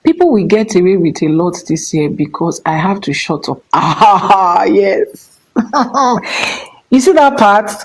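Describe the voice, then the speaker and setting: Expressive Nigerian woman teaching. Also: takes it slowly, breathy edge, poor audio. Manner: expressive, drops into hushed whispers and rises to high exclamations. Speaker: Ifa priestess. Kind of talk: casual spiritual teaching.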